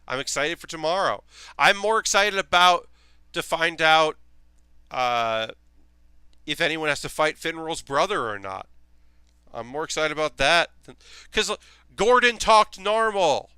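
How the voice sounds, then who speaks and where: A young man talks casually to his stream while he builds, rambling with plenty of ums and offhand swearing. His voice is bright and crisp. The sound is dry, with no room echo. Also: a little high, expressive, unhurried, long pauses. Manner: rambling, enthusiastic, swears freely, many fillers.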